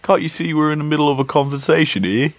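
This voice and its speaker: Man doing a loud northern English accent, cocky mocking trainer, high and raised voice, dull lo-fi sound. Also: quick pace, no echo, close to an everyday voice. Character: brash northern English male rival trainers. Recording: dull lo-fi sound with faint music.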